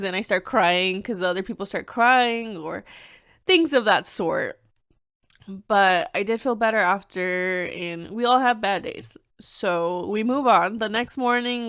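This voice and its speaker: A young adult woman hosting her own podcast, talking in a candid, animated, chatty way with plenty of "like" fillers. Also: medium pitch, no echo, studio quality. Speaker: podcast host. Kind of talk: casual personal podcast monologue.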